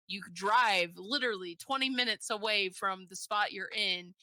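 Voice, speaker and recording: A woman hosting a casual online talk show, chatty and quick to laugh, often trailing off mid-thought. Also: medium pitch, sharp tone, dry recording, studio quality. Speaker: podcast host. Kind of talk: casual chat. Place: lived in the UK.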